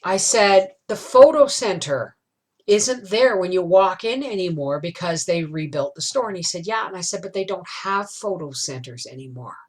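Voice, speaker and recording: A woman's voice: fairly low pitch, lively intonation, normal speed, breathy edge. Rambling middle-aged woman telling a story. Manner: rambling, emotional, confiding; tag questions like "right?". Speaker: homestead vlogger. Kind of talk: casual storytelling chat.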